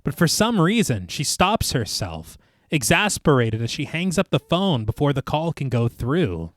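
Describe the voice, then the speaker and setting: Scene by scene, a man recaps a movie's plot on the horror podcast he co-hosts, narrating lengthily and with liveliness. His voice is on the high side and measured in pace, with no echo.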